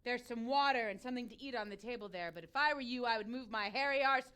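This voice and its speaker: A bossy, sharp-tongued village woman who scolds without mercy. Her bright voice sits very high. It is game voice acting. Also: fast, clear, resonant tone. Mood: scolding.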